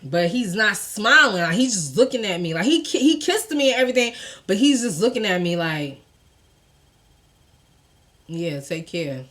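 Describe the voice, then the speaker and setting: A woman tells a personal story straight to her viewers in a casual storytime vlog. Her voice is bright and lively, with big swings of pitch. She is animated and expressive and swears freely. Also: fairly quick.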